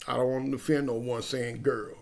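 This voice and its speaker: Man, Sunday school teacher, gravelly voice, rhythmic repetitive preaching, acts out dialogue. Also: mid-range voice, level tone, a little fast, a little mellow. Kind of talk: parable storytelling sermon.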